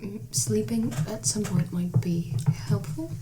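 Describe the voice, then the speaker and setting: A woman plays her character in a tabletop game, asking gentle, probing questions in a mid-range voice. She often drops close to a whisper. Clear background noise sits behind her. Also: mid-range voice, unhurried. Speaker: player. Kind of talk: in-character tabletop role-play.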